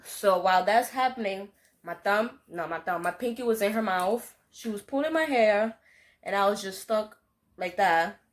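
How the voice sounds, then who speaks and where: A young woman, telling a story to camera in an animated, profane, slang-heavy way. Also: medium pitch, moderate pace. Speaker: vlogger. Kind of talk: storytime monologue.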